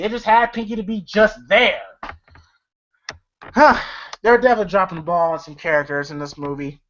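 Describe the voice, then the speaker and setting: A woman's voice: medium pitch, fairly bright tone, a little hiss or hum. Woman, film reviewer, rambling, profane, lots of fillers, lo-fi sound. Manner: rambling, profane, laughs often, many fillers. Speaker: movie reviewer. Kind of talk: casual retelling of film scenes.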